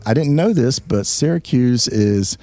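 A man's voice: mid-range voice, lively intonation, a little slow, mellow, no echo. A man hosting a chatty talk, explaining a bit of history with jokes and asides. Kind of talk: casual storytelling chat.

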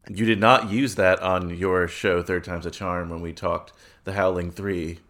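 A man with a lowish voice co-hosts a relaxed film podcast. He has had some wine and it shows: he rambles, restarts and stumbles over words. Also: a little slow. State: tipsy from wine. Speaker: podcast co-host. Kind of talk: casual film podcast chat.

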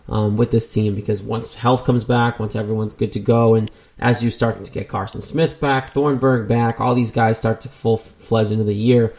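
A man's voice: on the low side, creaky, a little mellow. A man co-hosting a casual baseball talk show, rambling with many restarts. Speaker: sports podcast co-host.

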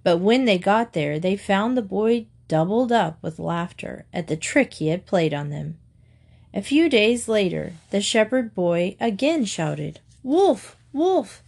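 A woman calmly reading fables aloud, clear and steady as a storyteller. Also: mid-range voice, measured pace. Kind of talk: scripted storybook narration.

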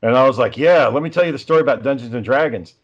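A man's voice: medium pitch, very fast, muffled recording. A man telling rambling, profane stories in casual chat with friends.

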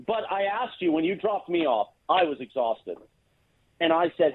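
Animated man on a tinny phone line. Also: fairly high pitch, a little fast, breathy edge, no room sound. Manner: animated, teasing, mock-grand praise. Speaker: radio show regular calling in. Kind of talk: casual sports radio banter.

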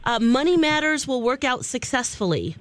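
A woman's voice: high-pitched, big pitch swings, normal speed. A woman co-hosting a morning radio show, reading fortunes with a light, giggly manner.

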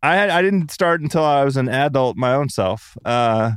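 A man's voice: mid-range voice, animated, moderate pace, clear, resonant tone, no room sound, studio quality. A man hosting a podcast, chatting casually and joking with guests. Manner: upbeat, jokey. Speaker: podcast host. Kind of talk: casual chat with ad read. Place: away on a trip, remote call.

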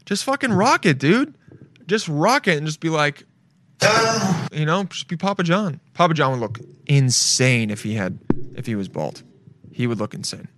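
A man's voice: fairly high pitch, moderate pace, a bit bright, a little hiss or hum. Laid-back, profane male podcast host. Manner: loose, rambling and profane, with playful asides. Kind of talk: casual solo show chat.

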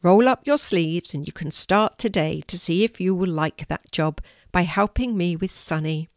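A woman voicing a gentle, friendly young man who cares for animals, in a storybook reading. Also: lowish voice, moderate pace, no room sound, clean studio sound, close to an everyday voice. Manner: gentle and warm.

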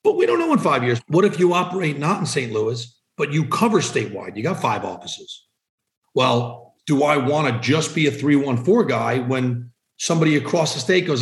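A man's voice: mid-range voice, lively intonation, brisk, gravelly. Emphatic man in an echoey room. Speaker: vanity phone number seller. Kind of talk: conversational podcast interview answers.

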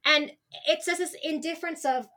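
Twenty-something woman on a podcast, bright kinda high voice, open and emotional, keeps restarting her sentences. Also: moderate pace. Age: 20s. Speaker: podcast guest. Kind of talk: candid conversational interview.

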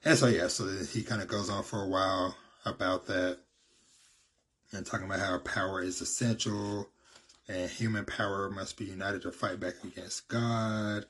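A man casually recaps a story in a deep, husky voice, filling it with "you know" and "basically." His pitch stays flat and even as he rambles on. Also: normal speed. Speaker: manga recap vlogger.

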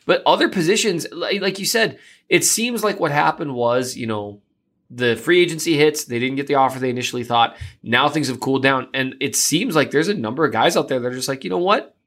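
A man co-hosting a casual sports podcast, talking through player moves in a measured way. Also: medium pitch, animated, a bit bright. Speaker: podcast co-host.

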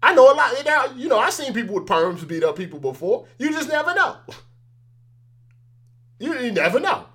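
A man's voice: very high-pitched, very animated, normal speed, long pauses, pushed and bright. A man as an interview guest, chatting casually and telling stories animatedly, acting out the exchanges he quotes.

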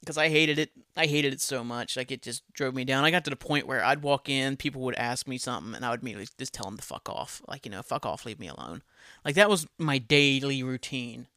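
A man's voice: medium pitch, fast, hardly any pauses, bright, forceful tone, dry recording, studio quality. A man hosting a casual solo podcast, ranting bluntly with lots of swearing and laughing at his own jokes. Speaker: podcast host.

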